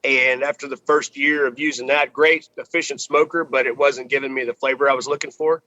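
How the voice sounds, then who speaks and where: A man from Texas, guest on a barbecue podcast, chatting in a relaxed way with many pauses, on a video call from outdoors. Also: mid-range voice, no room sound, muffled recording. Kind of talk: casual podcast conversation.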